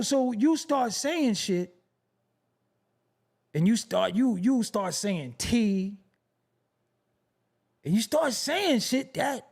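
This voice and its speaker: A man's voice: extremely high pitch, creaky, a little mellow, breathy edge. A man from Brooklyn with a New York accent, ranting as a show host on a live stream, profane and mocking, firing off rhetorical questions. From Brooklyn, New York City. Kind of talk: unscripted rant to a live stream audience.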